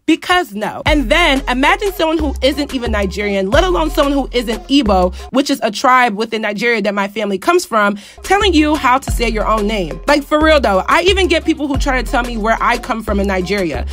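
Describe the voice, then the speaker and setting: A woman's voice: on the high side, lively intonation, a little fast, hardly any pauses, fairly bright tone. Young woman, early 20s, Philadelphia accent, emphatic vlog rant, faint music behind. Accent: Philadelphia American. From Philadelphia, United States. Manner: outspoken and emphatic, rising sharply when annoyed. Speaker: vlogger. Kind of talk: opinionated casual monologue.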